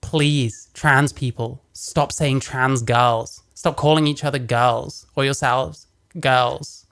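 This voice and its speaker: A man's voice: medium pitch, fairly even intonation, slow pace, gravelly, a bit bright. A man giving blunt, mocking, profane commentary as he reacts to a clip.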